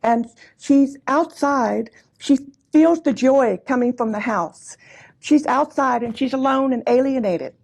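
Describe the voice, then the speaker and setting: A woman's voice: sits high, a little slow, creaky. A woman in her sixties telling personal family stories to a live audience in a chatty, laughing, aside-filled way. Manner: chatty, warm anecdotes with frequent laughs and asides. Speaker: speaker at a commemorative gathering. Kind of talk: personal storytelling talk. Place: hall before a live audience.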